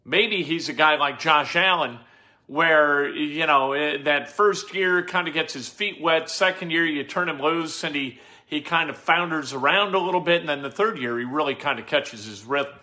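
A sports radio host delivers a casual commentary monologue, opinionated and rambling, full of rhetorical questions and restarts. His voice is a little high, bright and forceful, at normal speed.

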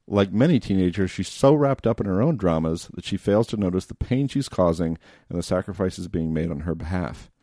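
A man hosting a film podcast, reading a measured, articulate introduction, then leading a casual talk. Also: sits low, animated, dark tone, dry recording, clean studio sound. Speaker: podcast host.

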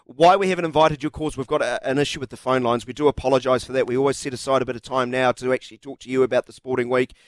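A man with a New Zealand accent hosting a radio sports chat, quick and jokey with teasing banter. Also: medium pitch, fairly even intonation, no room sound.

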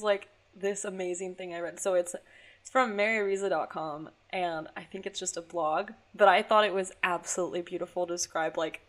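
A young woman chatting as a podcast co-host, bubbly and gushing. She leans on "like" at every turn and slips into acted-out quotes as she talks. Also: medium pitch. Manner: bubbly, gushing, heavy use of "like", acts out quotes. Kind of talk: casual chat.

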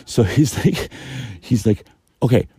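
A man hosting a podcast, telling a rambling, profane story in a casual, animated way. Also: lowish voice, fast talker, dry recording. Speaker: podcast host.

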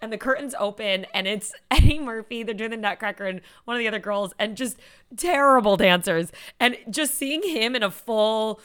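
Animated woman retelling comedy sketches. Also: on the high side, moderate pace, clean tone. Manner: animated storytelling with laughs and acted quotes. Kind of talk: casual chat.

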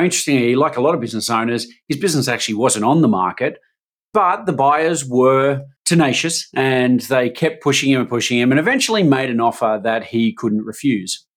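A man's voice: medium pitch, a bit bright. An Australian man hosting a business podcast. He speaks earnestly, often restarting his phrases as he frames the questions. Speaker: podcast host. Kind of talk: podcast introduction and interview.

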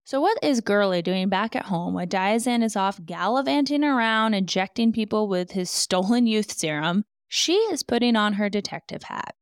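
A woman's voice: mid-range voice, animated, normal speed, few pauses, clear, resonant tone, no room sound, clean studio sound. A woman hosting a true crime podcast, retelling a con man's story with sarcastic, incredulous asides.

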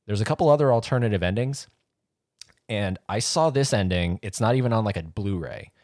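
A man's voice: on the low side, lively intonation, brisk, darkish tone, no room sound, studio quality. A man in casual chat, rambling as he retells a scene and acts out voices. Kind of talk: casual chat about horror movies.

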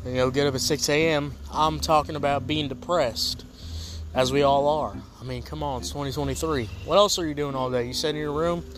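A man's voice: fairly high pitch, fairly even intonation, a little fast, slight background noise. A man hosting a casual comedic music review show, rambling and joking in a laid-back way.

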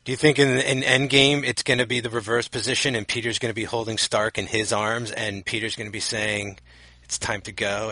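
Bright-toned chatty man, low voice. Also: a little fast, dry recording, poor audio. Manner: rambling, restarts, animated movie speculation. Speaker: podcast co-host. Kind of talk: casual chat.

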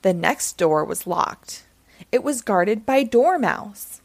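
Slow, expressive woman storyteller. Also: medium pitch, creaky, dry recording. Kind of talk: reading a children's book aloud.

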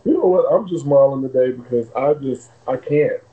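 A man co-hosting a casual podcast over Skype, animated and exasperated, laughing easily. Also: mid-range voice, brisk, phone-quality sound. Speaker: podcast co-host. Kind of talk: casual banter. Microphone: Skype call.

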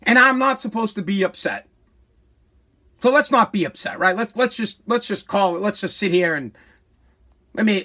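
A political commentator ranting with heavy profanity and sarcasm, swinging between loud mockery and a mock-calm hush. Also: mid-range voice, normal speed, long pauses.

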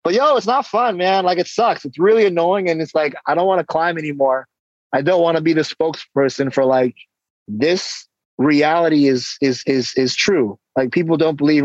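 A man guest on an interview, casually telling stories and acting out exchanges with lively energy. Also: fairly high pitch, normal speed, no echo, highs cut off. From San Diego, California. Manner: animated storytelling, acts out exchanges. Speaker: guest, hip-hop artist and coach.

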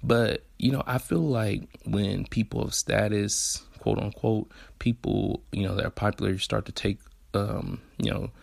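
A man's voice: steady tone, a little slow, darkish tone, no room sound. A man in his twenties with a Southern US accent hosting a podcast, talking in a laid-back, candid way full of slang and swearing. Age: 20s. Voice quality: deep gravelly husky voice. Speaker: podcast host. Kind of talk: casual solo podcast monologue.

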